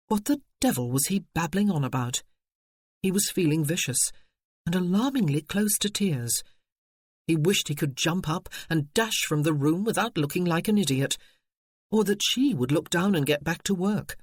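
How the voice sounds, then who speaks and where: Measured audiobook narrator, dry close sound. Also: mid-range voice, animated, breathy edge, dry recording. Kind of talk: scripted narration.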